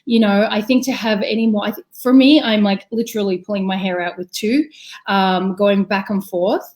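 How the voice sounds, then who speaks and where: A woman's voice: mid-range voice, normal speed. A woman in her thirties, a nurse and mother, telling stories animatedly in a casual video-call chat. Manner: animated, storytelling with acted-out quotes. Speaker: guest, critical care nurse and mother.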